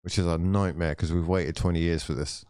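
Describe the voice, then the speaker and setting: A young man with a fairly low voice rants through a live football watchalong. He swears freely and banters with his chat in an exasperated way. His voice sounds dry and close. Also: fairly even intonation, fairly quick, a little mellow, no room sound.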